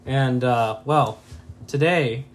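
A man's voice: mid-range voice, slow, a little hiss or hum. A young man from Mexico, hosting a casual podcast, rambling and laughing often. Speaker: podcast host. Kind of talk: casual chat.

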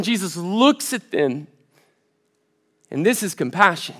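A man preaching a sermon as a college pastor, reading a story and scripture aloud and rising to loud, fervent passages. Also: sits high, animated, unhurried, pauses often. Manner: reads quoted stories and scripture aloud.

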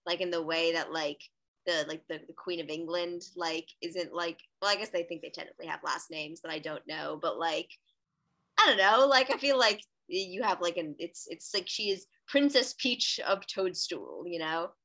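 A woman's voice: lowish voice, moderate pace, pushed and bright. A woman from the US East Coast co-hosting a casual podcast, rambling and thinking aloud with lots of fillers. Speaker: podcast co-host. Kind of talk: casual chat.

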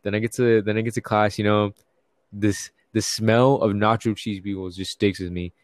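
A man's voice: lowish voice, level tone, moderate pace, no echo, clean studio sound. A young man telling a rambling, profane, comic story in casual chat.

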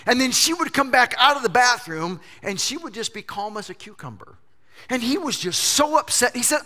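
A male pastor preaching a sermon, telling funny stories in an animated way. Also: very high voice, moderate pace. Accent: Southern US. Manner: animated storytelling with jokes.

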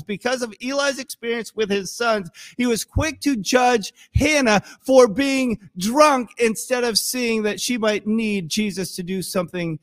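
A young man preaching a sermon in an animated, conversational way with joking asides. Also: high-pitched. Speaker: pastor.

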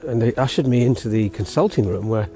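A man's voice: mid-range voice, fast talker, mellow. A man hosting a podcast, telling a rambling story outdoors while walking his dog and breaking off to talk to it. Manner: rambling, self-interrupting, chatty with his dog. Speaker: podcast host. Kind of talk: casual storytelling monologue.

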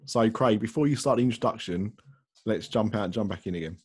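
A man with a Cockney accent bantering on a podcast over a video call, quick to argue and joke. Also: on the low side, a little mellow, breathy edge. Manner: argumentative, jokey.

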